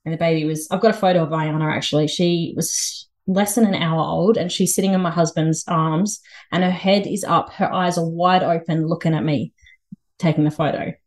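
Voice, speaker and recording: A woman in her thirties with an Australian accent, a podcast guest telling a story in a lively, chatty way and laughing often. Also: low voice, normal speed. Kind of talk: casual storytelling interview.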